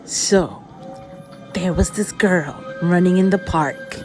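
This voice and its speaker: Over music, a woman with a lowish voice spins a scary tale in a loose, leisurely, rambling manner. She leans heavily on fillers like "he goes."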